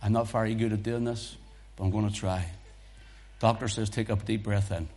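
A man preaching a sermon, moving between hushed breathy passages and loud fervent exhortation. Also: fairly low pitch, steady tone, normal speed.

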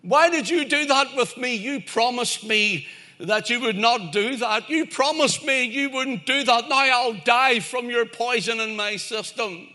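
A man voicing a male frog in a spoken fable, blunt and quick with his suspicions. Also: high voice, a bit bright. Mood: anguished. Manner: quick and blunt, then pleading.

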